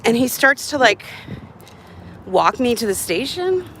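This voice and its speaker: A woman's voice: a little high, very animated, measured pace, fairly bright tone, a little hiss or hum, low-quality recording. Chatty breathless woman livestreaming outdoors. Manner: chatty, acts out quoted voices. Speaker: live-streamer. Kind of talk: casual storytelling livestream. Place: outdoors on a hot city street.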